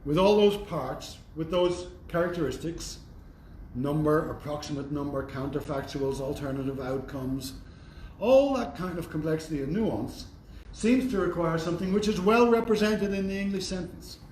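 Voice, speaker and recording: A man's voice: a little high, moderate pace, a little mellow. A man giving a university lecture in a thoughtful, conversational way with wry asides. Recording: roomy echo, faint background noise.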